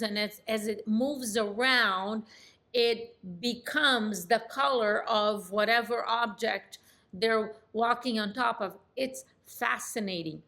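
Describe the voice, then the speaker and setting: Bright, forceful middle-aged woman coach. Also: a little high. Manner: animated and demonstrative, acts out phone calls. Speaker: real estate sales coach. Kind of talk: coaching lesson.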